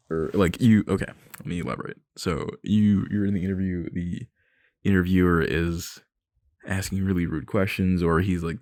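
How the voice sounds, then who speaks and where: A man's voice: low voice, a little mellow, no room sound. A young man in an ASMR boyfriend role-play, rambling nervously, laughing and swearing as he talks into a close mic.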